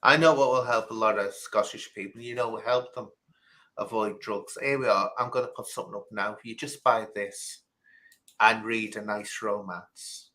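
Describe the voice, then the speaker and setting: A man's voice: lowish voice, moderate pace, low-quality recording. A man hosting a casual live stream, telling stories with emphatic repetition. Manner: animated storyteller, emphatic repetition. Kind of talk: casual chat.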